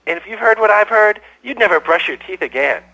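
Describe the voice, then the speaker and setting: An actor playing a paranoid male conspiracy caller who accuses and shouts at the host. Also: high voice, lively intonation, fairly quick, gravelly, exaggerated voice, low-quality recording. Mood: ranting. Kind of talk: radio call-in comedy acting.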